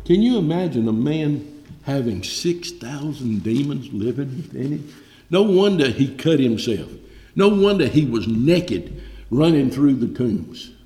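A man's voice: very animated, measured pace. Impassioned preacher man in echoing church. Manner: impassioned, surges loud and high then drops low. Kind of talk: sermon. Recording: echoey hall reverb.

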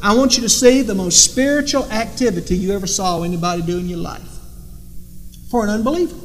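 Male preacher, high-pitched, emphatic, rhetorical; reverberant sanctuary. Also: fast, slight background noise. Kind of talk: sermon. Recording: long reverb in a hall.

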